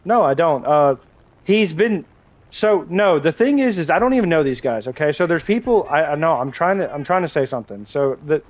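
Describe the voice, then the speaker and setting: A young man with a somewhat high-pitched voice chats on a gaming livestream. He rambles, jokes crudely, and talks straight to his viewers, often restarting his sentences. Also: animated, brisk, a little mellow. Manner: crude, joking, chats with viewers while playing; rambling with frequent restarts and laughter. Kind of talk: casual gaming livestream chat.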